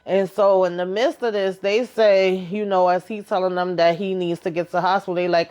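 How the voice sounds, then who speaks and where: A woman's voice: fairly low pitch, fairly even intonation, fairly quick, few pauses, a little mellow, smooth. A woman giving a casual, colloquial recap of a TV episode, chatty and telling it like a story. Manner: chatty, colloquial storytelling, acting out characters' lines. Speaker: TV recap vlogger.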